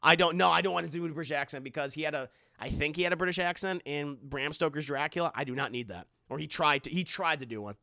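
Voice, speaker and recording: A man's voice: fairly high pitch, fast, creaky, hardly any pauses, bright, forceful tone, dry recording, clean studio sound. A man live-streaming, rambling through casual commentary and reading out his chat, often stumbling and repeating words.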